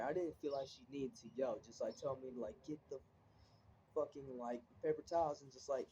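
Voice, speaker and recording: A teenage boy rants into a phone camera, full of filler words, restarts and frustrated swearing. His voice is mellow and dark, and the recording sounds dull and a bit muffled. A faint hiss sits underneath. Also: medium pitch, fairly even intonation, fairly quick. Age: teens. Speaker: vlogger. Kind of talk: casual ranting vlog. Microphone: phone camera, looking down at it.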